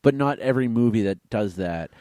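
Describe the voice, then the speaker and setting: Man from massachusetts, low mellow voice, dry close sound, thoughtful podcast talk. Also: lively intonation, fairly quick, no room sound. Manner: thoughtful, wondering aloud, dry humor. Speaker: podcast co-host. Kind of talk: casual movie podcast chat.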